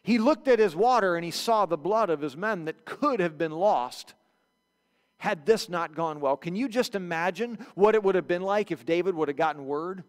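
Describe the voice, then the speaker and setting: A male pastor preaching a sermon in a church, telling the story with lively acted-out bits. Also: sits high, moderate pace, in a large hall. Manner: animated storytelling, acts out quotes. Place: church sanctuary.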